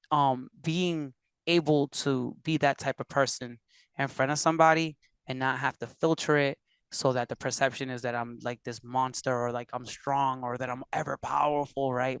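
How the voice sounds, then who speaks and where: Animated man telling stories, dry sound. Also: medium pitch, clear, resonant tone, no room sound. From Puerto Rico. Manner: animated storyteller, acts out quotes. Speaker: podcast guest, musician and producer. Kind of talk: casual interview conversation.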